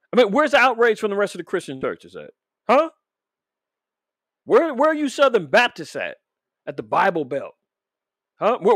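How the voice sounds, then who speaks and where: A man hosts a religious commentary podcast in a preachy, animated way, throwing rhetorical questions at his audience. His voice sits somewhat high for a man. The recording is dry and close, with no room sound. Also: no echo. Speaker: podcast host. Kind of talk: casual religious commentary show.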